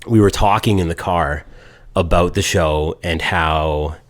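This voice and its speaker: A man's voice: low voice, a little slow. A man co-hosting a podcast, telling a story in casual chat and quoting people as he goes. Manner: animated storyteller, quotes people in voices. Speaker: podcast co-host.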